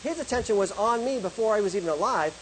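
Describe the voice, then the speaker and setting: In a low-quality recording with a little hiss or hum, a middle-aged man gives a presentation on love and faith to an audience. He talks fast in a high-sitting voice with lively intonation, posing rhetorical questions and answering them himself.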